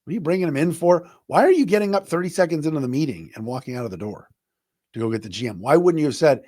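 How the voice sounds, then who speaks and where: A man's voice: fairly high pitch, lively intonation, fast talker, darkish tone, dry recording, studio quality. A middle-aged man hosting a sports talk podcast, giving opinionated, conversational commentary and acting out quotes as he goes. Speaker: podcast host.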